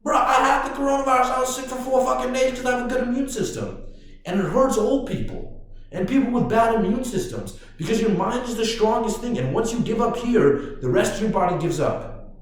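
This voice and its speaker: A man hosting a podcast, ranting casually in a profane, excitable way. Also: very high voice, a little fast. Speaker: podcast host. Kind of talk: casual rant. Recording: very echoey room.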